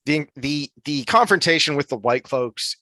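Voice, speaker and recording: A man's voice: on the high side, expressive, normal speed, pushed and bright, no echo. A man co-hosting a podcast, chatting casually about a fantasy book series with lots of restarts and fillers. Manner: rambling, many restarts and fillers. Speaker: podcast co-host.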